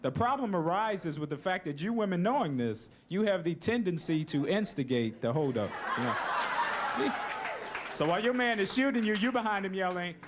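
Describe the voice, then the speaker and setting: A man's voice: sits high, lively intonation, moderate pace, a crowd in the background. A young man doing a laid-back stand-up comedy routine on stage. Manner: laid-back, keeps saying "you know, man". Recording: noisy live recording.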